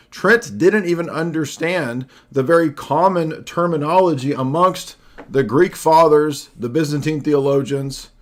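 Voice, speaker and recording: A man hosting a livestream, delivering combative, sarcastic commentary and often clearing his throat. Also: on the high side. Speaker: livestream host. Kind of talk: argumentative solo commentary.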